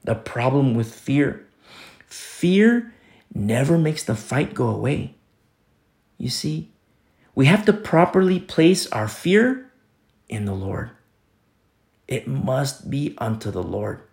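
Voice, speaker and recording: A man's voice: medium pitch, big pitch swings, slow pace, gravelly, long pauses, darkish tone. A man preaching a sermon, stressing points by repeating phrases and telling stories with casual asides. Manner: storytelling asides with fillers.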